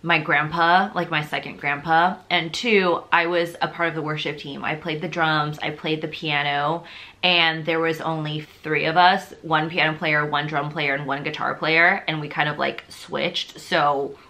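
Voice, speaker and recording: A woman's voice: sits low, fairly even intonation, measured pace, sharp tone. A young woman telling her personal faith testimony in a casual, rambling way, full of fillers and open emotion. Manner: chatty and rambling, heavy on fillers like "like" and "you know"; openly emotional, confessional.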